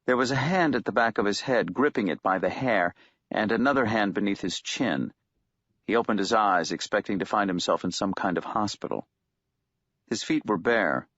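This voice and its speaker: Low-voiced male audiobook narrator. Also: fairly bright tone, no echo. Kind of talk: scripted narration. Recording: dull lo-fi dry recording.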